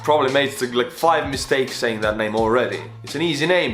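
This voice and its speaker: A man in his twenties from Estonia, hosting a casual, playful reaction video with jokey shout-outs. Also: fairly high pitch, big pitch swings, normal speed, hardly any pauses. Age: 20s. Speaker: YouTube host reacting to a video. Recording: roomy echo with faint music.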